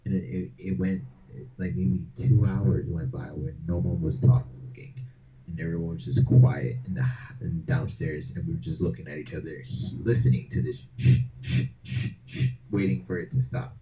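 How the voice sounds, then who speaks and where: Male podcast host, deep mellow voice, casual profane storyteller. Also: steady tone, moderate pace, slight background noise, rough recording. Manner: loose and profane, slangy fillers.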